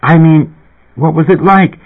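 A man's voice: fairly high pitch, unhurried, gravelly, pitched above the performer's own voice. A man doing an incredulous young woman. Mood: teasing. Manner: incredulous, exclaiming. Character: shocked, disapproving young woman friend. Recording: tinny phone-like audio.

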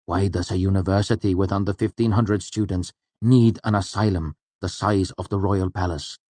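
A man voicing a stern university master who speaks calmly and curtly, at times dismissive. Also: deep voice, moderate pace, no echo. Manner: calm, curt, dismissive.

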